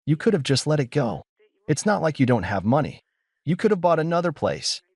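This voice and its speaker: A man voicing an entitled, angry younger brother who snaps and yells in a story reading. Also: on the high side, big pitch swings, a little fast, slightly rough, dry recording, clean studio sound, pitched above the performer's own voice, full character voice. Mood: yelling. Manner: snapping, spiteful.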